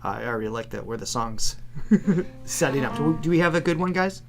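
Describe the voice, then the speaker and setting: A cheerful man co-hosts a casual music reaction chat, laughing easily between remarks. His voice carries a gravelly, fry-laden edge at a middle pitch. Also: expressive, a little fast. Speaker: vocal coach and co-host.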